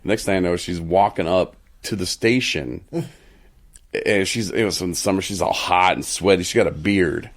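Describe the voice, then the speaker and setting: A man's voice: deep voice, moderate pace. A man hosting a casual talk show, telling stories and acting out the other people in them. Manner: animated, acts out voices in his stories. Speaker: show host. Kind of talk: casual storytelling chat.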